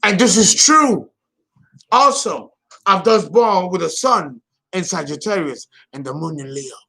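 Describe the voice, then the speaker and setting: A man's voice: sits high, lively intonation, measured pace, vocal fry, bright, forceful tone. A man hosting an astrology channel, talking casually and theatrically, often exclaiming and laughing at himself. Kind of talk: casual solo astrology talk.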